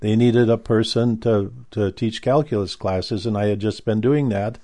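A man's voice: lowish voice, fairly even intonation, normal speed, mellow. An older man telling a story about his past in a casual, rambling way, often stopping and restarting. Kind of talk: casual spoken recollection.

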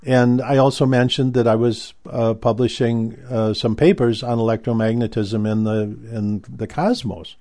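A man's voice: mid-range voice, steady tone, moderate pace, few pauses, mellow. An older man telling a story about his past in a casual, rambling way, often stopping and restarting. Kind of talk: casual spoken recollection.

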